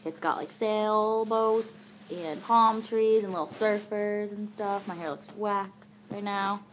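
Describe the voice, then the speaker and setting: A woman's voice: medium pitch, steady tone, takes it slowly, slight background noise. A young woman talking casually to her camera in a daily vlog, chatty and goofy, filling her talk with "like". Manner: chatty and goofy, full of "like" fillers, jokes around. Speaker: vlogger.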